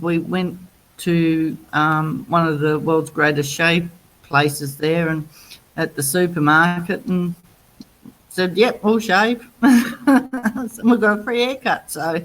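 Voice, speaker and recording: A woman's voice: lowish voice, poor audio. An Australian woman hosting a casual chat, talking plainly and unhurriedly. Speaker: host.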